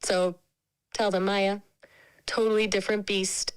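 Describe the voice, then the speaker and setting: A woman's voice: medium pitch, little pitch movement, measured pace, clean tone, low-quality recording. A woman's synthetic voice speaking as an AI companion, chatting in a friendly, casual, opinionated way. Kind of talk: conversational AI chat.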